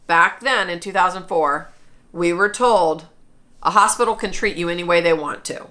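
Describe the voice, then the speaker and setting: A woman's voice: fairly low pitch, normal speed, pushed and bright. A woman in her forties telling a personal story to camera, earnest and chatty, with frequent restarts. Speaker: vlogger.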